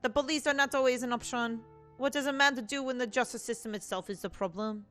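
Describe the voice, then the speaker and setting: A woman's voice: a little high, fast, a bit bright, faint music behind, lightly acted. A woman voicing a scheming male prisoner who fakes a foreign prince, theatrical and evasive, with a put-on accent. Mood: storytelling. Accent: put-on Spanish then French.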